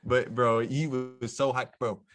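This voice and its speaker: A man's voice: mid-range voice, little pitch movement, measured pace. A young man, a pro basketball player, casually telling a story on a podcast in a laid-back, slangy way with lots of fillers.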